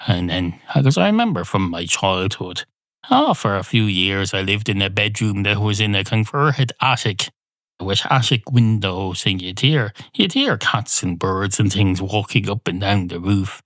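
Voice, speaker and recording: A man's voice: on the low side, unhurried, a bit bright, dry recording. Dry-voiced man rambling playfully. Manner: playful, self-interrupting, swears freely. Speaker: podcast host. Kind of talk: rambling comic monologue.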